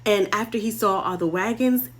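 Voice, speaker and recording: A woman's voice: mid-range voice, moderate pace. A young woman hosting a show, casually retelling a Bible story in playful, slangy language with lessons at the end. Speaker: host.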